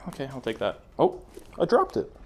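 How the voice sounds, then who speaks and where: A man giving jokey, rambling gameplay commentary who breaks into panicked shouts. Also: mid-range voice, wildly swooping pitch, a little fast. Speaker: VR gaming YouTuber.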